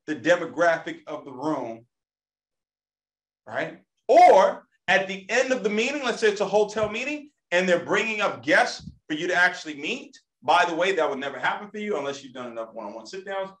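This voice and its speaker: A man's voice: high voice, fairly bright tone. A man giving an emphatic motivational training talk to a live audience, repeating key phrases and often checking in with "okay?". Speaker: sales trainer. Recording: echoey room.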